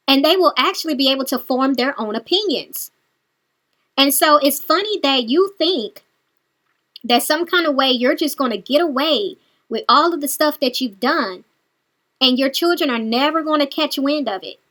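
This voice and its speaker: High-pitched woman doing reaction commentary, scolding and sarcastic, talking right at the person. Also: fairly bright tone. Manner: scolding, sarcastic, talks straight to the subject. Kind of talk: direct-address commentary.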